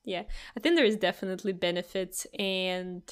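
A woman's voice: fairly low pitch, normal speed, clean tone. A woman from Russia whose first language is Russian, chatting casually in English as a podcast co-host, reflective and prone to restarting her sentences. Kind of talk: casual chat.

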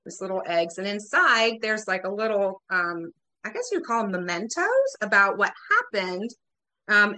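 A woman's voice: mid-range voice, sharp tone. A woman hosting a parenting interview, chatting enthusiastically and laughing often. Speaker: podcast host. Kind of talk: casual interview chat.

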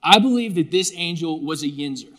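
High-voiced, jokey preacher. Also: male voice, fairly quick. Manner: lively, jokey, conversational preaching. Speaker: pastor. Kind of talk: sermon. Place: church with a live congregation.

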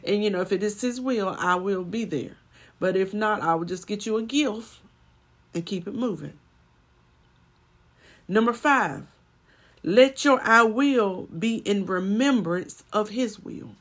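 A woman's voice: medium pitch, normal speed. A woman preaching a sermon and telling a personal story, building to emphatic swells.

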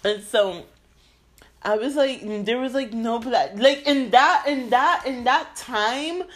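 A woman telling a story in casual chat, animated, laughing and mimicking others. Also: fairly high pitch.

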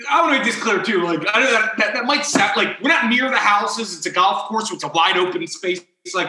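A man's voice: high-pitched, pushed and bright, echoey room, poor audio. A young man hosting a podcast, telling a story in a rambling way full of "like" and acted-out quotes. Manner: rambling, heavy on "like", acts out quoted people. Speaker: podcast host. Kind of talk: casual storytelling chat.

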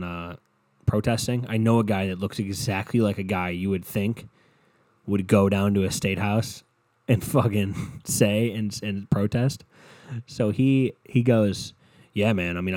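A man hosting a solo podcast, ranting casually with lots of swearing, swinging between low mutters and loud exasperated outbursts. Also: no echo. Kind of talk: casual comedic rant.

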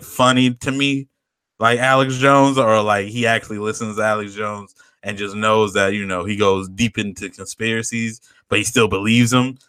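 Young male podcast co-host, bright and dry close-mic sound, loose rambling storyteller who swears freely. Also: on the low side, smooth, no echo. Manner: rambling, laughing, swearing a lot. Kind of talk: casual chat, storytelling.

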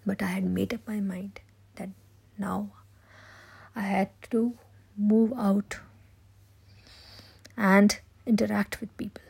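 A woman voicing a grieving grandmother in her sixties, retelling a childhood tragedy in slow, somber, breathy whispered role-play. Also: medium pitch, little pitch movement, darkish tone, exaggerated voice. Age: 60s.

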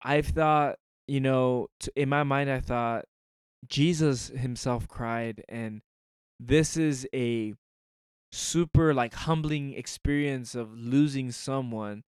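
A man talks slowly and earnestly through a casual faith discussion, pausing and restarting as he gathers his thoughts. His voice comes through smooth and clear, recorded close and dry with no room sound. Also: medium pitch, no echo. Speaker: podcast co-host.

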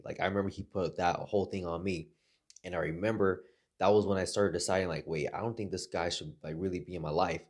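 A man's voice: low-pitched, steady tone, fast, darkish tone. A man telling rambling stories in a casual chat, swearing a lot. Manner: rambling, heavy swearing, laughs through his stories. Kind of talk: casual storytelling.

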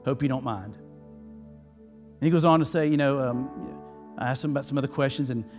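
A man's voice: medium pitch, normal speed, darkish tone, faint music behind. A male pastor preaching a sermon, telling a story in a folksy, emotional way with many restarts. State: tearful. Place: church.

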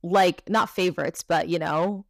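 A young woman co-hosting a casual chat podcast, talking in a relaxed way with lots of fillers and self-corrections. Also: lowish voice, unhurried, vocal fry, dry recording, clean studio sound. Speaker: podcast co-host.

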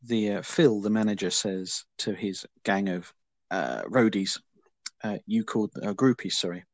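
A man's voice: fairly low pitch, measured pace, a little mellow, no room sound. A man hosting a casual film review chat, talking with dry, wry understatement. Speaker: podcast host.

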